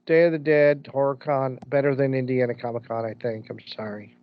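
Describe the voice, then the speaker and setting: A man's voice: medium pitch, flat delivery, brisk, no room sound. A man co-hosting a podcast, chatting casually and rambling through stories with many restarts. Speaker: podcast co-host. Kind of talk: casual chat. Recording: dull lo-fi sound.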